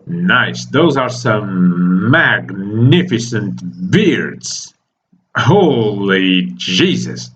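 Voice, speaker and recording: Unhurried man reading manga aloud. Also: fairly low pitch, sing-song, a bit bright, highs cut off, faint music behind. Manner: exclaims and laughs while reading. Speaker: manga reaction host.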